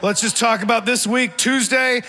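A man's voice: extremely high pitch, moderate pace, heavy background noise. A man in his forties performing a rambling, self-mocking stand-up set on a theater stage, often laughing through his lines. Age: 40s. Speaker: stand-up comedian. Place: theater stage before a live audience.

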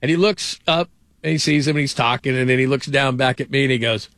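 A man's voice: mid-range voice, fast, a bit bright, no room sound. A middle-aged man hosting a sports radio show, telling stories with many "like" fillers. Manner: rambling storyteller, many "like" fillers. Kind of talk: casual sports talk.

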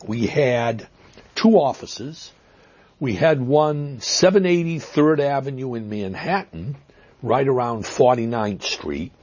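Husky Boston-accented man, lively pitch. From Massachusetts. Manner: halting, many fillers and restarts, emphatic stresses. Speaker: interview guest. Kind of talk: reflective interview answers. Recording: dull lo-fi audio.

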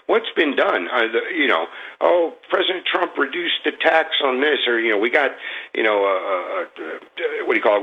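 A man's voice: mid-range voice, slightly rough, dull audio. A man calling in to a talk show, venting about politics in a rambling, frustrated way, full of fillers and restarts. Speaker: caller. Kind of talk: political call-in rant. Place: Florida.

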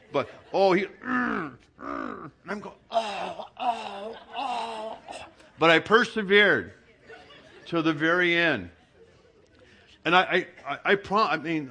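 A middle-aged male pastor from Southern California, preaching a sermon in an animated storytelling manner, laughing as he tells it. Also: fairly high pitch, breathy edge. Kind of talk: sermon with personal anecdote.

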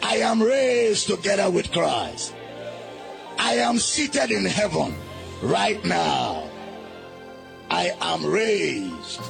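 A man preaching a sermon in a shouting, sing-song style, calling on the congregation to repeat after him. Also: high voice, sing-song, extremely slow, creaky, long pauses, music in the background.

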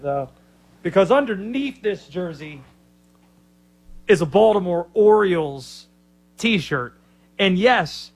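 A man co-hosting a sports radio show, talking excitedly and rambling with restarts. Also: high-pitched. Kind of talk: casual sports talk.

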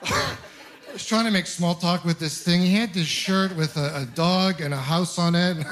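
A man in his thirties from Ontario doing a stand-up comedy set, telling stories deadpan with quick voiced asides. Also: sits high, slight background noise. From Ontario, Canada. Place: comedy club stage with a live audience laughing.

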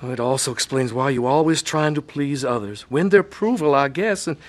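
A man playing a supportive husband who speaks softly and reassuringly, in a radio drama. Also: medium pitch, animated, brisk, lightly acted. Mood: concerned. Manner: soft, reassuring.

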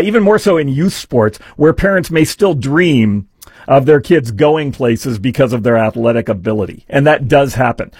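A man's voice: medium pitch, gravelly, a little mellow, breathy edge, no room sound. A man hosting a talk radio show, telling a rambling story full of fillers into a studio microphone. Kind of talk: casual talk radio monologue.

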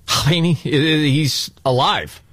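A man's voice: fairly high pitch, measured pace, no echo. A man hosting a talk radio show, joking and bantering with his co-host. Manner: joking, animated storytelling.

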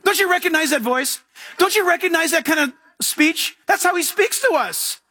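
A man's voice: very high-pitched, moderate pace, dry recording. A man, a pastor, preaching a sermon in an emphatic way and often saying "listen". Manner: animated, emphatic, repeats "listen".

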